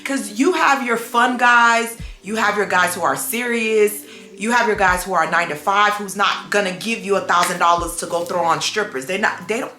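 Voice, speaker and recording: A woman's voice: mid-range voice, normal speed, faint music behind. A young adult woman, chatting casually on her vlog and acting out the people in her stories. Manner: animated storytelling, acts out quoted voices. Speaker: vlogger. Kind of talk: casual chat. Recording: echoey room.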